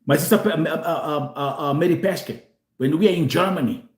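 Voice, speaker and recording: A man's voice: fairly high pitch, normal speed, reverberant. A man from Kenya hosting a show, talking animatedly to viewers and switching between Swahili and English, often repeating himself. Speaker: host. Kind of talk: live show monologue to viewers.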